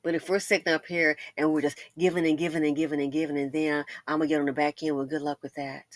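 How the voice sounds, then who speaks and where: Middle-aged woman, casual commentary host; lowish, bright tone, dry close sound, animated storyteller. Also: fast talker, no room sound. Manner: chatty storytelling, addresses ladies directly; laughs and breaks into loud exclamations.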